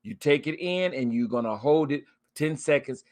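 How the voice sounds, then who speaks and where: Man preaching encouragement with swinging pitch. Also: lively intonation, normal speed. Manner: preachy, repetitive, with scripture quotes and soft laughs; pitch swings up and down a lot on emphasis. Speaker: host of a spiritual talk stream. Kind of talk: casual spoken encouragement. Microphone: webcam or phone mic, live stream.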